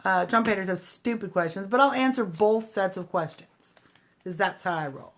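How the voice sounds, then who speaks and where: A woman with a medium-pitched voice speaks at a moderate pace while hosting a casual political livestream. She addresses her viewers directly in a snarky, combative manner.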